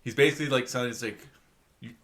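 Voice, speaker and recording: A man's voice: mid-range voice, steady tone, racing, a bit bright, slight background noise. A man co-hosting a podcast, telling a story in casual chat and laughing as he goes. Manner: storytelling, laughs while talking. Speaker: podcast co-host.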